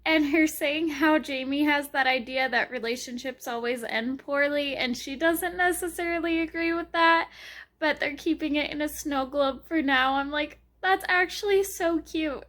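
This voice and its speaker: A woman talking casually in a reading vlog, gushing and excitable, often squealing and laughing as she reacts to a book. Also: sits high, normal speed. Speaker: book vlogger.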